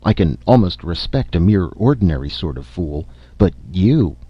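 A man's voice: deep voice, big pitch swings, normal speed, husky, dry recording, lo-fi sound, full character voice. A man voicing a small, spiteful male conscience spirit who mocks and sneers, in an audiobook reading. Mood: scornful. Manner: sneering, scornful.

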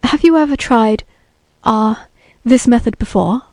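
A woman's voice: on the high side, measured pace, a little mellow, dry recording, studio quality. A woman reading the lines of a timid older man who speaks hesitantly and nervously. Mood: apprehensive.

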